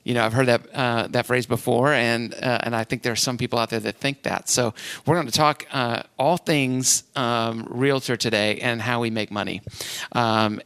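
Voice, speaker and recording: A man's voice: medium pitch, a bit bright, smooth, dry recording. A man from Cleveland, Ohio, hosting a casual podcast as a real estate agent, rambling and self-deprecating. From Cleveland, Ohio, USA.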